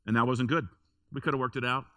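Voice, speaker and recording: Bright-voiced man preaching a conversational sermon. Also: mid-range voice, fairly even intonation, fast, no room sound, studio quality. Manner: conversational storytelling, emphatic repetitions. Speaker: pastor. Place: church.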